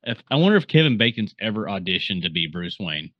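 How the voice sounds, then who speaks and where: A man's voice: fairly low pitch, sing-song, fast, no room sound. Rambling man recapping a movie, dull recording. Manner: rambling, filler-heavy storytelling. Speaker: podcast host. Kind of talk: casual movie recap chat. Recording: dull, dry sound.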